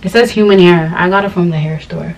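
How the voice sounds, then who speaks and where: Talking casually to camera, a young woman vlogger from Ghana spins chatty, rambling stories full of animated quoted voices. Her fairly low voice moves a little fast, captured on a slightly distant mic with a little hiss or hum.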